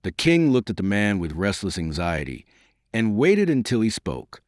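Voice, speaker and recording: A man narrating an audiobook in a measured, dramatic reading. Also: lowish voice, wildly swooping pitch, no echo, clean studio sound. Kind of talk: scripted narration.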